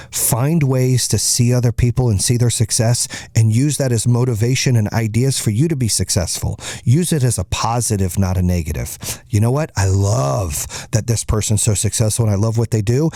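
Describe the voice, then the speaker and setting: A man's voice: mid-range voice, mellow, no room sound, clean studio sound. A middle-aged man hosting a podcast, giving a blunt, profane, emphatic motivational monologue. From United States. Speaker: podcast host.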